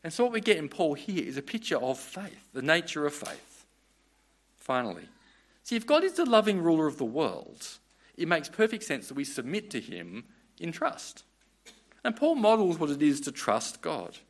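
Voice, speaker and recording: A man's voice: on the high side, wildly swooping pitch, moderate pace. A man preaching a sermon in an earnest, conversational way, often restarting his phrases.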